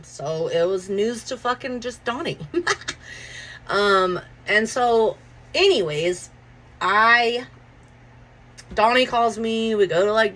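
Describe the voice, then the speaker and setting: A woman in her forties telling a personal story in a loose, profane, animated way, acting out what people said. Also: medium pitch, rough recording. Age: 40s. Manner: profane, animated, acts out quotes. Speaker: podcast host. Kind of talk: casual storytelling.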